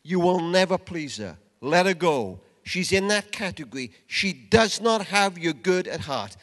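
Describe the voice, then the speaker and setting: An older man preaching a sermon at a conference, emphatic, dropping from loud urging to hushed asides. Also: high-pitched, expressive, measured pace. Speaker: conference speaker. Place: large event hall. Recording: long reverb of a large hall.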